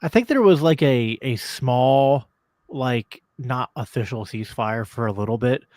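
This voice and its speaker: A man's voice: mid-range voice, measured pace, darkish tone, dry recording. A man co-hosting a casual political podcast, thinking aloud with many "like" fillers. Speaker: podcast co-host.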